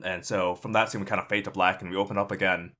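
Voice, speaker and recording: A man casually narrating a comic movie pitch, rambling with lots of fillers. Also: level tone, fast talker, bright, forceful tone. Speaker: podcast co-host pitching a movie. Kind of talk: casual comedic storytelling.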